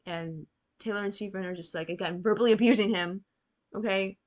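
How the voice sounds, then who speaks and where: In casual commentary on a TV episode, a young woman shares her reactions at a brisk clip, her medium-pitched, mid-range voice holding a steady tone. She's blunt and sarcastic, swears a lot, and scolds the characters as though they could hear her.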